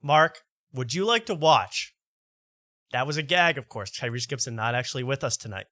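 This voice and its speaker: A man hosting a late-night show in a loose, rambling way, stumbling over his own words and doubling back mid-thought. His voice is bright and forward, in a middle register, recorded close and dry with almost no room sound. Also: medium pitch, expressive, moderate pace, dry recording. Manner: rambling, self-interrupting, stammers on repeated words. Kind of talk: casual late-night monologue.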